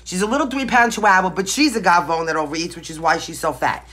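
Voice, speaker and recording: A woman's voice: fairly low pitch, fast talker, a bit bright. A woman with a Brooklyn New York accent giving a casual tarot reading to the camera, blunt and emphatic, tagging her points with "right?" and "okay?". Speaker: tarot reader.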